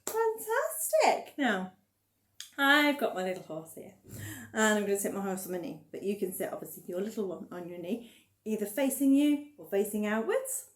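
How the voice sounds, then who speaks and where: A woman leading a baby rhyme and story session as a children's librarian, gently encouraging parents to join in. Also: mid-range voice, animated, brisk.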